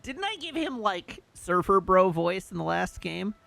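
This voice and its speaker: A man's voice: high-pitched, big pitch swings, measured pace, vocal fry, a bit bright, no echo. A man streaming a video game, playfully teasing and reading chat messages aloud in casual commentary. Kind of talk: casual let's-play commentary.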